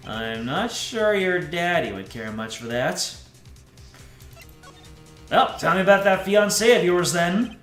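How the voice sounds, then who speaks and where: A man's voice: high voice, expressive, slow pace, long pauses, a bit bright, faint music behind, heavily acted. A man voicing an earnest, eager young male defense attorney, in an echoey room.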